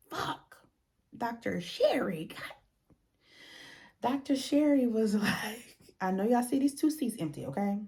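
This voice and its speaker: A young woman recaps a reality show in a loose, blunt way, swearing freely and acting out the people she quotes. Her voice sits a little low and sounds mellow and dark, and she swings into higher tones for emphasis. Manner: animated, blunt and profane, acts out quotes. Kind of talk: casual recap commentary.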